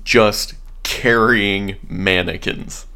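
Young guy with a lowish voice, blunt, casual swearing, podcast chat. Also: steady tone, drawn-out words, sharp tone, clear, resonant tone.

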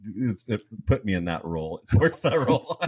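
A man with a somewhat low voice shares stories among friends, giggling often as he goes. The sound is close and dry. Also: very animated, a little slow, a little mellow, husky, dry recording. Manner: giggly, laughs through his stories. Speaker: podcast co-host. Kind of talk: casual storytelling chat.

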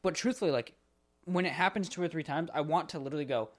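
A man's voice: a little high, fast. A young man co-hosting a podcast in casual chat, exasperated and swearing often as he acts out callers. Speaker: podcast co-host.

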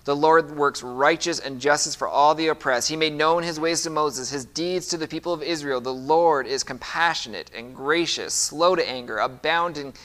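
Male pastor, slightly high, bright forceful tone, emphatic sermon delivery with questions to the room. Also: moderate pace, few pauses. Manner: emphatic preaching, reads scripture aloud, asks the congregation questions.

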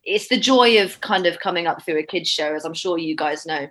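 A woman's voice: fairly low pitch, a little fast, fairly bright tone. A young woman talking as an actress guest in a casual interview, chatty and emotional, over a video call. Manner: chatty, emotional, laughs through tears.

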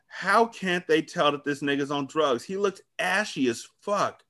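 A man co-hosting a casual TV recap podcast, animated and profane, laughing often. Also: a little high, a little slow. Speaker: podcast co-host.

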